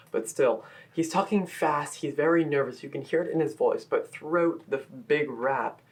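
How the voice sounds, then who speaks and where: A man's voice: medium pitch, normal speed, few pauses. Man, enthusiastic fan-reviewer, talking straight to camera on an on-camera mic. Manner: eager, gushing fan talk. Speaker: musical reviewer. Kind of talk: enthusiastic solo video review. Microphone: camera-mounted shotgun mic.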